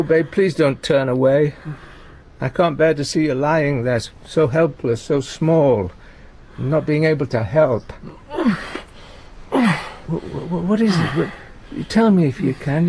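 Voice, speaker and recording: An actor playing a gentle, anxious older comedian in a radio play, talking in halting, stammering restarts. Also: male voice, on the high side, breathy edge, exaggerated voice. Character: aging male comedian, gentle, anxious, talkative. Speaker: visiting friend and comedy partner.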